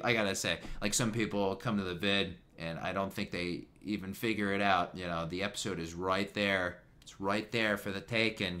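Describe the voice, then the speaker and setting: A man's voice: on the low side, bright, forceful tone. A man giving a casual, jokey commentary on a TV episode, rambling with fillers and asides. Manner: chatty, jokey, trails off with fillers. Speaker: YouTube commentator.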